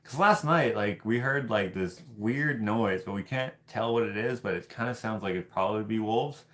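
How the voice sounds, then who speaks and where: A man's voice: fairly low pitch, moderate pace. Laughing man telling a story on a livestream. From Canada. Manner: animated, laughing, loose and profane. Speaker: host of live hangout stream.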